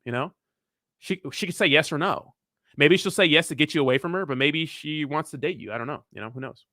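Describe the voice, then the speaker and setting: A man's voice: a little high, a little fast, pushed and bright, no echo, clean studio sound. A young man hosting a casual livestream, answering viewer comments in a blunt, profane, rambling way. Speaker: crypto livestream host.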